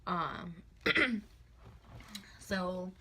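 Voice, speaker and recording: A woman in her twenties telling a personal story to her phone camera, soft and halting with many fillers. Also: fairly low pitch, very animated, gravelly, breathy edge. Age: 20s. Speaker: vlogger.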